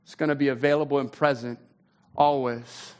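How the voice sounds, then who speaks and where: A man preaching a sermon in a conversational way, his voice climbing when he gets excited. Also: mid-range voice, moderate pace, clear, resonant tone. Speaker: pastor.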